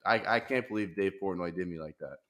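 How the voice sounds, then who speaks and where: A man hosting a casual podcast, talking in animated, profane rants with bursts of laughter. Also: low-pitched, quick pace. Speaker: podcast host.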